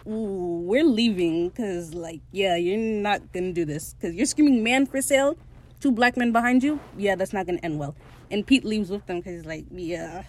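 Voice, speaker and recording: A woman hosting a podcast, casually retelling a comedy episode with lots of laughter and quoted lines. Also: mid-range voice. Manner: animated storytelling, quotes characters in put-on voices, laughs often. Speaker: podcast host recapping a TV episode. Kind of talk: casual chat.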